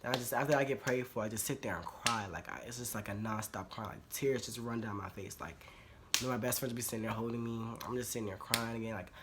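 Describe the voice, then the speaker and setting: A vlogger speaks straight to camera, offering casual relationship advice in a fast, mid-range voice. The delivery is blunt and informal, with repeated phrases for emphasis, slang and swearing, all over heavy background noise.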